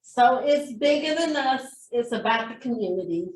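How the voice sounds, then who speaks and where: A woman's voice: fairly high pitch, animated, normal speed, slight background noise. Heartfelt woman in an echoey room. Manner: heartfelt, storytelling, speaks of blessing and giving. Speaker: real estate class instructor. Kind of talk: motivational class talk.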